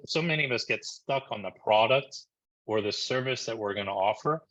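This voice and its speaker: A man from New Jersey giving a live marketing presentation on a video call, energetic and conversational, often checking in with "right?". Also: mid-range voice, muffled recording. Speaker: marketing coach presenting a webinar.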